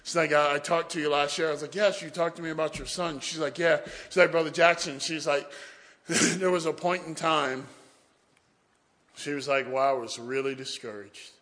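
Man, preacher, storytelling sermon, bright forceful voice, echoey church hall. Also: a little high, normal speed. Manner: animated storyteller, acts out quotes.

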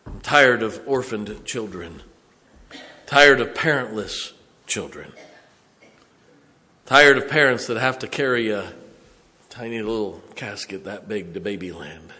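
A man, preaching a sermon as a pastor, swinging from loud to hushed. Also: on the low side, animated, a little slow, pauses often.

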